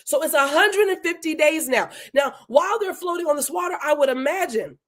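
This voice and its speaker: An enthusiastic woman teaching a verse-by-verse Bible study live, talking conversationally and slowing down to read scripture with emphasis. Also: high voice.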